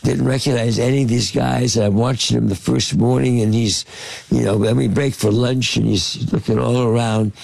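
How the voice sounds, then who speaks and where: A man's voice: medium pitch, steady tone, moderate pace, creaky, a little mellow, no room sound. An older man, a film producer, telling anecdotes in an interview with many fillers and restarts. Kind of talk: storytelling anecdotes in conversation.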